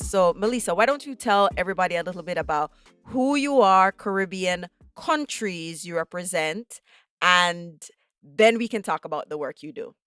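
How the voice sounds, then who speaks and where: A Jamaican woman hosts a chat podcast with an upbeat, teasing manner. Her voice sits a little low and sounds dry and close, with faint music in the background. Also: fairly bright tone, no room sound. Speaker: podcast host.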